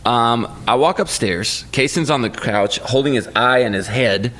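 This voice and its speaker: A man in his thirties co-hosting a casual podcast chat, telling stories with lively energy and acting out his kids' voices. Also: medium pitch, moderate pace. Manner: animated storyteller, acts out his kids' voices. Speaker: podcast co-host.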